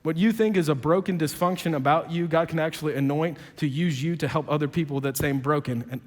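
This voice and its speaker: A man preaching a sermon, telling dialogue in conversational voices and building to loud, emphatic peaks. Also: on the high side, quick pace. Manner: quotes dialogue in conversational voices, self-described sarcastic. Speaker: pastor. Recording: long hall reverb.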